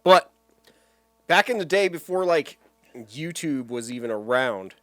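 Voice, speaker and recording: A man co-hosting a podcast in casual chat, animated and laughing often as he retells cartoon gags. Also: medium pitch, a little slow, no room sound. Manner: animated, laughs a lot, mimics cartoon voices. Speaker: podcast co-host.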